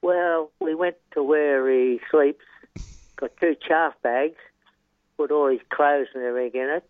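A man's voice: on the high side, steady tone, unhurried, dry recording. An older Australian man's voice comes through a thin, phone-like line, dry and close, with no room sound around it. He spins rambling racetrack yarns, chuckling often and dropping "yeah" between every thought. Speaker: retired horse trainer. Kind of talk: casual storytelling interview.

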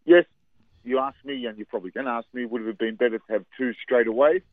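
A man's voice: mid-range voice, fast, dry recording. An Australian man talking football as a radio pundit over the phone, chatty and repeating words for emphasis. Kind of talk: phone-in radio sports chat. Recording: tinny phone line.

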